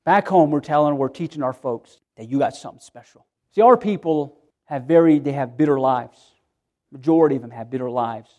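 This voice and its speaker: A man's voice: mid-range voice, brisk, darkish tone, muffled recording. A middle-aged man, a pastor, preaching an earnest sermon in church, repeating himself and restarting phrases as he pleads with his listeners.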